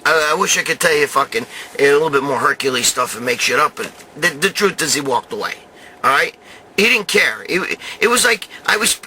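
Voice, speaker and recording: A man's voice: on the high side, pushed and bright, slight background noise. A swearing, rambling tough-guy storyteller man. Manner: rambling, swears constantly, street-tough bravado. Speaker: show host telling a story. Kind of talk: profane storytelling monologue.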